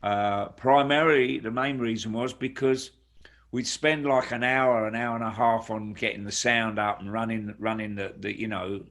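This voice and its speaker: A man's voice: lowish voice, fairly even intonation, moderate pace, fairly bright tone. An older man, a touring rock drummer, chatting casually and rambling on a video call with many restarts. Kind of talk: casual chat.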